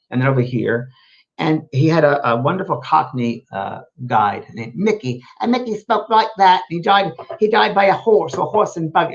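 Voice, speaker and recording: A man hosting a live show as a medium, answering viewer questions in a gentle, rambling, reassuring way. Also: medium pitch, muffled recording. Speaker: host and medium.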